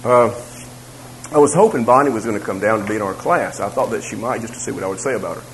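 A man's voice: fairly low pitch, fast talker, a little hiss or hum, poor audio. A man teaching a church Bible class about raising children. He talks conversationally, repeats his phrases and makes asides to the room.

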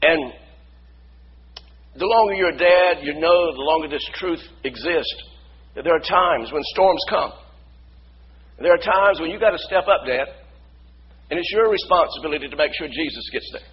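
A male pastor preaching a sermon, building from quiet storytelling to shouted praise. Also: a little high, moderate pace, pauses often, muffled recording, a little hiss or hum.

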